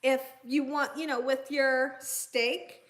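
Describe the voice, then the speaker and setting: High bright-voiced Southern woman host. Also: level tone, slow. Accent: Southern American. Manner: chatty, reads viewer comments aloud, coos to her dogs. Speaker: cooking channel host. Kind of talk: casual livestream chat.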